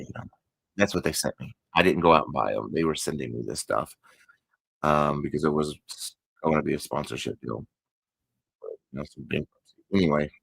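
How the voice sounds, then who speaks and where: A man's voice: rumbling low, vocal fry, slightly rough, dry recording, rough recording. A man with a Texan accent hosting a crochet channel, chatting casually and rambling, often correcting himself mid-sentence. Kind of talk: casual chat to viewers.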